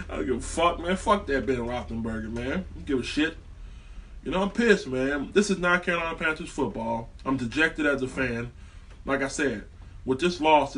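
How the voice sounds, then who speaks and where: A man's voice: medium pitch, fairly bright tone. Profane man ranting from a distance. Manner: profane, heated, rambling with many fillers. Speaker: sports fan vlogger. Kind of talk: casual sports rant.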